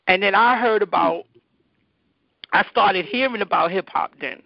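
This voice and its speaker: A woman DJ telling stories as an interview guest, animated and acting out the people she quotes. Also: medium pitch, normal speed, vocal fry, dry recording. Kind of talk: conversational storytelling. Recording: dull, dry lo-fi recording.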